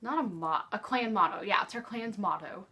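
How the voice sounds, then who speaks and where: A woman's voice: mid-range voice, moderate pace, pushed and bright, a little hiss or hum. A woman chatting casually about a book at home, rambling with lots of fillers and laughs. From Canada. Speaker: book vlogger. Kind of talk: casual book discussion to camera.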